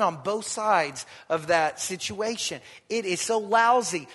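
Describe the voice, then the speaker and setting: A man pastor preaching a sermon, calling on the congregation to answer and swinging from loud exhortation to quiet storytelling. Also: sits high, lively intonation, slow, hardly any pauses, husky, in a large hall.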